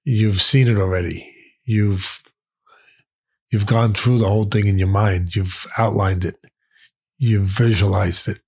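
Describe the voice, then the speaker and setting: Husky-voiced man telling a story emphatically. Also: on the low side, fairly even intonation, measured pace, pauses often. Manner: emphatic, repeats phrases for weight. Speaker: guest, boxing trainer and commentator. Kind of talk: storytelling in conversation.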